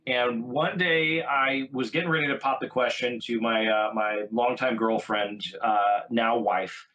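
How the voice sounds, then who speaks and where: A man from California, a voice actor, telling stories on a podcast in a relaxed, rambling way with many fillers. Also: medium pitch, measured pace, lo-fi sound. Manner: relaxed anecdotal telling, many ums and uhs. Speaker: guest voice actor. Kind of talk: casual storytelling on a podcast.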